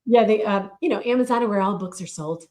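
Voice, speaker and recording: A woman co-hosting a podcast in casual chat, talking in an unhurried, chatty way and reading passages aloud. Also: mid-range voice, darkish tone. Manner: chatty, unhurried, reads aloud from her own book. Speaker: podcast co-host.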